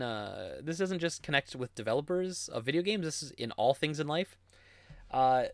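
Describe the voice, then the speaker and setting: A man's voice: fairly high pitch, no room sound. Rambling man, dry close sound. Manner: rambling, animated storytelling with laughs and acted-out customer quotes. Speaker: game store worker answering viewer questions. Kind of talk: casual monologue answering questions.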